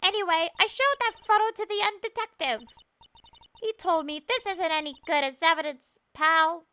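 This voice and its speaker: A woman voicing a nosy, shrill old woman who scolds and brags as a witness in a courtroom game. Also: normal speed, pushed and bright. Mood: indignant. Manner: scolding, bossy, indignant.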